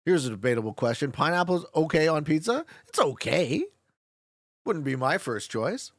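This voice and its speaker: A young man chats casually while streaming a strategy game, cracking jokes and laughing as he reads and answers his chat. His voice sits a little high and swings widely in pitch. The sound is dry and close, with no room around it. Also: big pitch swings, moderate pace, no room sound. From Canada.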